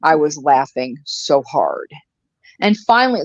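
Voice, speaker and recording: A talkative woman in casual chat, wandering from one story to the next and dropping curses along the way. Her voice sits at an ordinary pitch. The audio is dry and a little dull, like a modest home stream setup. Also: animated, moderate pace, no room sound. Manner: rambling, chatty storyteller who swears freely. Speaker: live commentary co-host.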